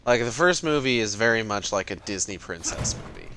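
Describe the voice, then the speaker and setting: A man's voice: fairly low pitch, animated, fairly quick, sharp tone, soft background music. A man casually talking while playing a video game, rambling with lots of fillers and cursing freely. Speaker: gaming streamer. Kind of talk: casual let's-play commentary.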